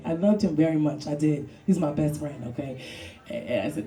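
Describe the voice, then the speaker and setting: On a club stage with a live crowd, a woman with a deep, warm voice speaks at normal speed. She's from Brooklyn and her stand-up set is brash and full of profanity, with laughter breaking into her punchlines.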